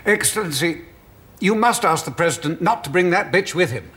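An actor playing a flustered middle-aged British prime minister in a 1980s TV sitcom. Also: male voice, sits high, animated, moderate pace, fairly bright tone. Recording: TV clip with studio audience laughter.

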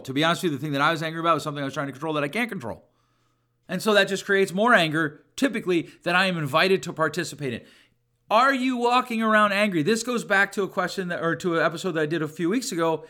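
A man's voice: fairly high pitch, sharp tone. Earnest middle-aged man giving advice. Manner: earnest, conversational, repeats for emphasis. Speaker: podcast host and counselor. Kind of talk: solo podcast talk, advice.

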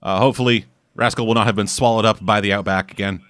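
Quick-talking podcast guy, swears a lot, bright tone. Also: fairly low pitch, steady tone, no room sound. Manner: profane, rambling, sarcastic. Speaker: podcast host. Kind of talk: casual podcast chat.

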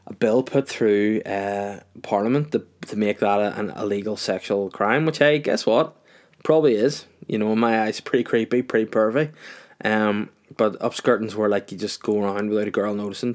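A young man hosting a solo podcast, rambling and swearing casually, a bit tipsy after a few wines. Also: fairly low pitch. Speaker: podcast host.

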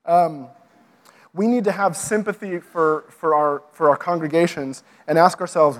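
A man's voice: fairly high pitch, a little slow. A man giving an earnest lecture to pastors and worship leaders, often restarting his phrases and using fillers.

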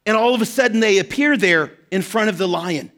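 A man's voice: high voice, lively intonation, a little fast, fairly bright tone. A man preaching a sermon as pastor, impassioned, his voice rising when he speaks the quoted words. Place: church hall.

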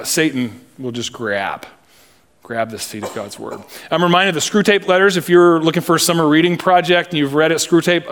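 Guy pastor preaching, emphatic, kinda high voice, cracks little jokes. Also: fairly bright tone. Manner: emphatic, deliberate, with humorous asides. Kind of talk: sermon.

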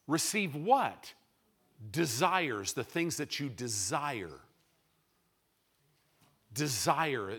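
A male preacher with a high, lively voice that rises and falls widely. He delivers his sermon in bright, forceful tones, shifting from loud bursts to quiet asides.

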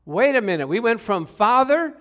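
A middle-aged man preaching a sermon, telling stories with hushed asides and sudden loud exclamations, and calling out for responses from the congregation. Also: very high-pitched, moderate pace. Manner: animated storytelling, swings from hushed to loud exclamations. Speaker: pastor.

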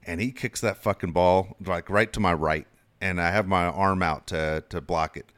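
A man's voice: low-pitched, fairly even intonation, moderate pace, a bit bright. A man co-hosting radio, telling profane stories with frequent laughter in casual banter. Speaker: radio co-host.

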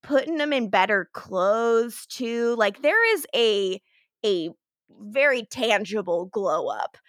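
A woman's voice: fairly high pitch, expressive, dry recording, clean studio sound. A young woman co-hosting a podcast, chatting casually and laughing a lot as she recaps an episode. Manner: giggly, fast, full of "like" and laughs. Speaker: podcast co-host.

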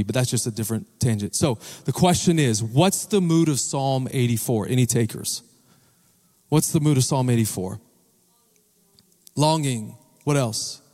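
Pastor preaching in a reverberant church. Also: male voice, medium pitch, a little mellow. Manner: engages the congregation with questions and calls for responses. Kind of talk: sermon. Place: church sanctuary. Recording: long reverb of a large church hall.

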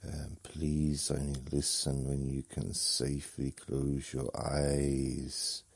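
Very slow deep-voiced man. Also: completely flat delivery, creaky, dry recording. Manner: drowsy, rambling, chuckles at himself. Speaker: podcast host. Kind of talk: rambling sleep podcast monologue.

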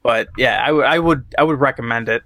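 A man in casual podcast chat, recapping a movie in a loose, rambling way, cursing freely and chuckling at his own tale. His voice sits at a middle pitch and sounds dry and close to the mic, with no room around it. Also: fast, bright, forceful tone, dry recording. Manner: rambling, profane, laughs at his own story, acts out quotes. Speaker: podcast co-host reviewing a movie.

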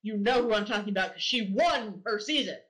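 A woman who does voice acting, chatting as a guest on a podcast and giggling through quick asides. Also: medium pitch, fairly bright tone, rough recording. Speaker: guest voice actor. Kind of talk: casual podcast chat.

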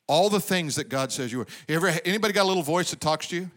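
A man's voice: fairly high pitch, expressive, rapid-fire, hardly any pauses, fairly bright tone. A man preaching a sermon, drawing out the crowd with asides and acting out quotes. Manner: preaching with call-and-response asides and acted-out quotes. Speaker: pastor.

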